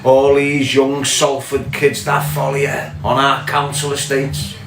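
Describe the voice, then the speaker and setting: A man's voice: medium pitch, monotone, unhurried, reverberant, noisy background. A man with a Scouse accent, ranting angrily in a monologue and swearing as he fires off pointed questions. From Liverpool, England. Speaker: podcast host. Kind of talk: impassioned monologue.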